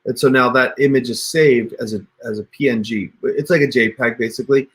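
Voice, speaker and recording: A man with a medium-pitched, fairly bright voice hosts a casual livestream tutorial, walking viewers through on-screen steps at a brisk, steady clip. He's chatty and calls his audience "you guys," speaking over a computer mic.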